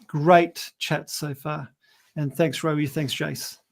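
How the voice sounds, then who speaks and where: A man on a casual chat panel, speaking politely with halting restarts. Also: fairly high pitch, fairly even intonation, creaky. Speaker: podcast panelist.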